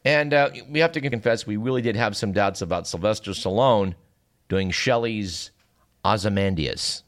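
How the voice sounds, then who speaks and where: A man's voice: lowish voice, normal speed. A man hosting a radio show, reading scripted narration in a dry, wry and formal way.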